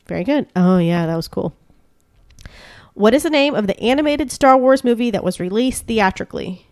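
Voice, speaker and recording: A woman's voice: a little high, expressive, a little mellow, no room sound. Woman quizzing her co-host, dry studio sound. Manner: reads questions, laughs easily, quick praise. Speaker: podcast co-host reading a quiz. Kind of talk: casual podcast chat.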